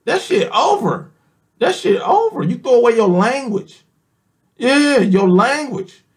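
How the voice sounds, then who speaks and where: A man with an African American Vernacular English accent giving a heated monologue rant, emphatic, swearing often, repeating oaths and jumping up in pitch when worked up. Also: very animated, a little slow. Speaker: vlogger ranting to camera.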